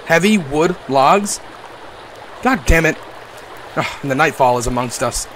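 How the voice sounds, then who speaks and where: A young man giving comedic gameplay commentary, playful and crude, swinging from mock-tender talk to yelling and swearing. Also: a little high, lively intonation, unhurried, a little hiss or hum. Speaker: gaming YouTuber.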